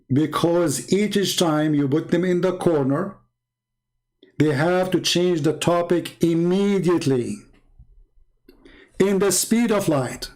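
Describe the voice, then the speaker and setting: A man speaking somewhat high for a male voice, hosting a livestream from home. He taunts and mocks in a sarcastic tone and hammers his points by repeating them. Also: a little slow, darkish tone. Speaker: livestream host. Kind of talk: mocking livestream commentary. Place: home setup streaming online.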